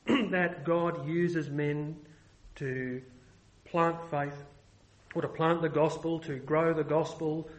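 A man's voice: a little high, low-quality recording. A man preaching a sermon, earnest and emphatic, often restarting his phrases.

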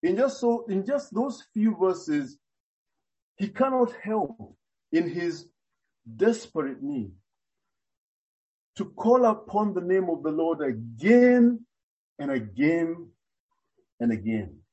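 A man delivers a sermon at an unhurried pace, his voice sitting high but sounding warm. He works through the passage earnestly and deliberately, often hesitating and restarting. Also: very animated, dull audio. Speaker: preacher.

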